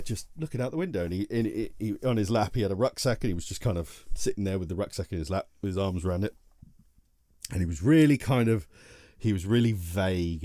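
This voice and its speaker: A man's voice: deep voice, warm tone, dry recording, studio quality. A tired man, co-hosting a casual podcast chat and telling a rambling story full of restarts. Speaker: podcast co-host.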